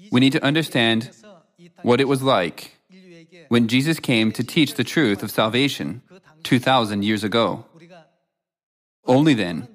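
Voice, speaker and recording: A man preaching in a measured, solemn read-aloud style, quoting scripture between his points. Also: medium pitch. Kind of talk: scripted sermon narration.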